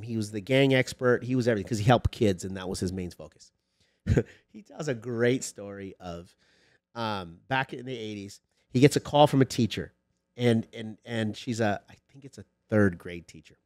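Animated man telling a story. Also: no echo, studio quality. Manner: animated storyteller, acts out quoted dialogue with rising pitch. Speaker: sports lawyer podcast guest. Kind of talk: casual storytelling chat.

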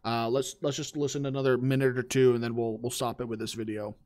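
A man's voice: mid-range voice, flat delivery, quick pace, darkish tone, a little hiss or hum. A man hosting a podcast, reacting to a clip with crude, mocking jokes. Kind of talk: casual reaction commentary.

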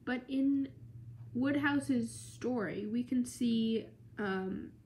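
Tired young woman, slow chatty history talk. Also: fairly high pitch, darkish tone, slight background noise. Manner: chatty, lots of "like" and "um" fillers. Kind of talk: casual history explainer.

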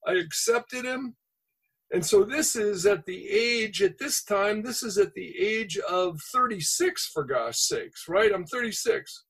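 A man's voice: high-pitched, animated, unhurried, fairly bright tone, husky, rough recording. A man, a podcast guest, telling an earnest, heartfelt personal testimony.

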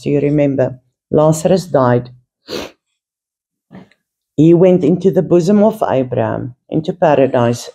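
A woman teaching the Bible informally, earnest and animated as she tells stories. Her voice sits fairly low and comes out husky. She talks slowly, with a mellow warmth. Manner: earnest, animated storytelling with laughs.

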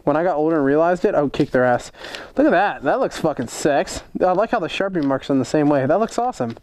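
A young man chatting casually on a vlog as he opens fan mail, excitable, joking and swearing a lot. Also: a little high, fast, no echo. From United States. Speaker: motorcycle vlogger opening fan mail.

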